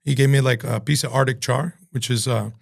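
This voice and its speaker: A man, a chef being interviewed, telling profane, animated stories and acting out the voices of other people. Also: medium pitch, a little fast, gravelly. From Cuban-American from New Jersey. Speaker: chef and entrepreneur, podcast guest. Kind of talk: casual storytelling interview.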